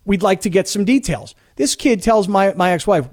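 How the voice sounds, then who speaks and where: Middle-aged male radio host, high voice, indignant storyteller. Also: expressive, normal speed, darkish tone. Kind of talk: sports radio talk.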